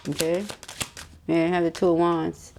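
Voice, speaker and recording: A woman reads tarot in a loose, chatty way. She speaks in a somewhat low voice and talks straight to her viewers with emphatic asides. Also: completely flat delivery, measured pace, vocal fry, background noise. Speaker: tarot reader. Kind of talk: casual tarot reading monologue.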